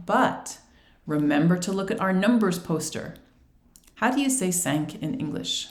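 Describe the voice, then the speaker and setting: A woman giving an instructional presentation on feedback for language teaching, speaking clearly and patiently, acting out short teacher and student exchanges. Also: on the low side, animated, moderate pace, a little mellow, roomy sound. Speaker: ESL teacher trainer.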